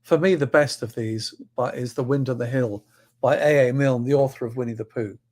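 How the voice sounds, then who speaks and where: A man giving a talk at a livestreamed event, reading and introducing poems, stressing lines strongly and letting phrase ends fall soft. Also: mid-range voice, a little fast. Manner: expressive reader, swings between loud stresses and soft trailing ends. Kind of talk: spoken talk with poetry readings.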